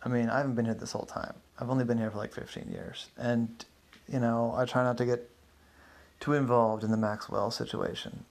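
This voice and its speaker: Man playing a tired, evasive middle-aged neighbor, gravelly, hesitant. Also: mid-range voice, level tone, a little fast, natural voice. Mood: weary. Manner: rambling, hesitant, many fillers. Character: neighbor man in his forties, weary, evasive.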